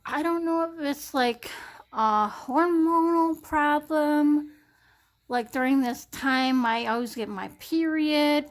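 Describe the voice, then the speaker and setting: A young woman talking into her smartphone in a casual personal vlog, rambling and halting, with many fillers and restarts. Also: sits high. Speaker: vlogger.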